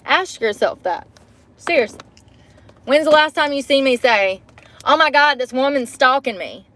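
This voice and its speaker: A woman's voice: sits high, expressive, moderate pace, a bit bright. A woman vlogging to a phone camera from inside her parked car, chatty and profane, breaking into laughter often. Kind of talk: casual chat to camera.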